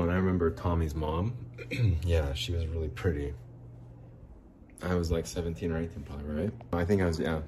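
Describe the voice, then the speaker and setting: A man telling a rambling story in casual chat, animated and swearing freely, acting out what people said. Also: low-pitched, a little hiss or hum.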